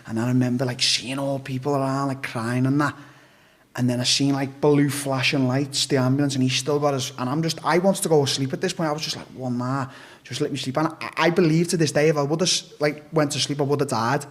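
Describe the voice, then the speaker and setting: A man's voice: mid-range voice, fairly even intonation, brisk. A man, an interview guest, telling a story in a blunt, profane, casual way and acting out what people said. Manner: blunt and profane, with acted-out quotes.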